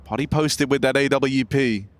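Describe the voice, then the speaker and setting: A man's voice: medium pitch, normal speed. A man casting a pro esports match live, joking and punning between calls. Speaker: esports caster. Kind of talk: live game commentary. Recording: clear game sounds behind.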